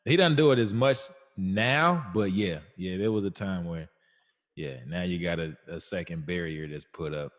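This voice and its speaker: A man's voice: sits low, moderate pace. A man co-hosting a podcast, chiming in with laid-back, casual remarks. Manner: laid-back, brief agreeing interjections. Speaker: podcast co-host. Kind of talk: casual chat. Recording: distant mic with long reverb.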